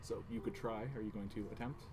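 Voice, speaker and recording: A man's voice: on the low side, little pitch movement, fast, a crowd in the background, rough recording. A man narrating a tabletop game as game master, describing scenes casually. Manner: casual, descriptive, many "like" fillers. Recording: background noise.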